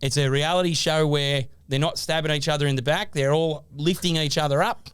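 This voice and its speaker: An Australian man in his thirties co-hosting a podcast, telling stories with animated energy and mock sternness. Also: on the high side, a little fast, clear, resonant tone, no room sound. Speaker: podcast co-host. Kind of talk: casual banter.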